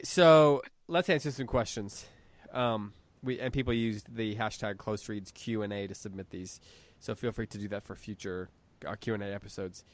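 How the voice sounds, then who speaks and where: A man's voice: fairly low pitch, no echo. Easygoing American man hosting a podcast. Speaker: podcast host. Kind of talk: casual chat, reading listener questions.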